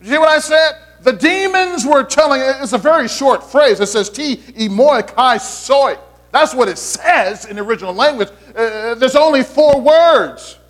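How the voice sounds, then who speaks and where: High-voiced male pastor preaching. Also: animated, normal speed, hardly any pauses. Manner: conversational preaching with playful asides and repeated restarts. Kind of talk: sermon.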